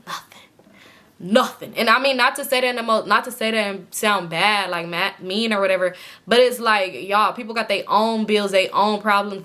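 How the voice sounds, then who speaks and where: A young woman with a hoarse throat telling a storytime to her viewers in casual, slangy, animated chat. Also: medium pitch. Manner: animated, slangy, quotes people in voices. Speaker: storytime vlogger.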